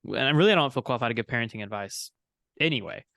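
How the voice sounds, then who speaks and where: A young adult man talks on a casual podcast, circling through an anecdote and stopping to correct his own details. His voice is smooth and clear at a middling pitch. It is recorded close and dry, with no room sound. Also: expressive, quick pace, fairly bright tone, no echo. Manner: rambling storyteller, frequent self-corrections. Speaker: podcast co-host and student minister.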